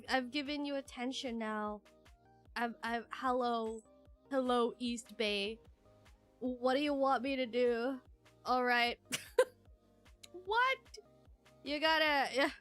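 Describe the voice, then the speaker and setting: Bright, high-voiced giggly woman streamer. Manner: giggly and playful, laughs often and teases the chat. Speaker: live streamer reading super chats. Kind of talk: casual live-stream chat.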